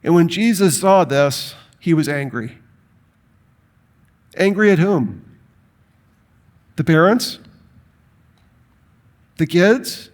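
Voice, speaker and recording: Animated man teaching on the Bible. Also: fairly high pitch, takes it slowly, long pauses. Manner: animated and emphatic, with rhetorical questions. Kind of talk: lecture to an audience.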